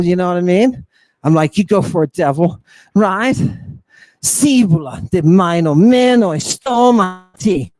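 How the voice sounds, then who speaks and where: Fiery male lecturer, high voice, unhurried delivery, provocative and full of rhetorical questions. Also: darkish tone, no echo. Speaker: host and lecturer. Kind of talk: impassioned lecture on ancient texts.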